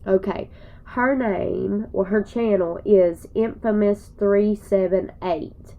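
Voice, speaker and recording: A woman's voice: medium pitch, fairly even intonation, slow, gravelly, warm tone, dull audio. A woman vlogger talking to her viewers while crying, in a rambling, folksy way. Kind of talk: emotional personal vlog.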